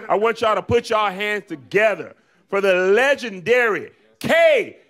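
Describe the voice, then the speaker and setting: A man's voice: high-pitched, expressive, measured pace, a bit bright. A man introducing a comedian on stage in a hyped, joking way. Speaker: show host introducing the comedian.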